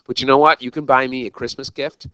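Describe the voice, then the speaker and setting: A man's voice: mid-range voice, little pitch movement, fast talker, sharp tone, clear, resonant tone, no room sound, highs cut off. A man teaching a recorded algebra lesson, talking straight to his students in an exuberant, jokey, self-mocking way. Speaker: math teacher.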